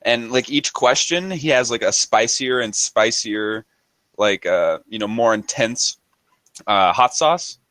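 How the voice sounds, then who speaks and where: A man in casual chat on a video call, animated and laughing often, acting out little quotes. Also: medium pitch, measured pace, no echo. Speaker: friend in a group video call.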